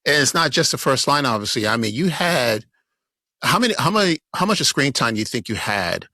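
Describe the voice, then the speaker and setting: A man's voice: medium pitch, big pitch swings, a little fast, pushed and bright, no room sound. A man from Brooklyn hosting a podcast, asking eager, encouraging questions. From Brooklyn, New York. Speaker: podcast host. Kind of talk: interview questions.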